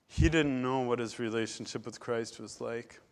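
A man's voice: mid-range voice, moderate pace. Emphatic male preacher. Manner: emphatic, swings between loud stresses and quiet drops. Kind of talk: sermon.

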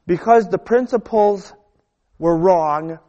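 Slow, emphatic male preacher. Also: lo-fi sound. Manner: emphatic, repeats phrases, drops to low quiet endings. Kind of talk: sermon.

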